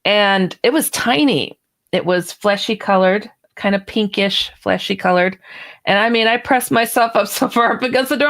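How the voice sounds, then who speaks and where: A woman's voice: mid-range voice, moderate pace. A woman author, a guest on a radio interview, telling a personal story and acting out the dialogue. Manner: animated storyteller who acts out quoted dialogue.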